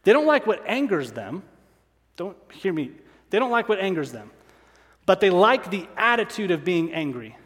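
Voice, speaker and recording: A man's voice: high voice, very animated, normal speed, a bit bright, big-room sound. A male pastor preaching a sermon, driving points home by repeating key lines and asking rhetorical questions.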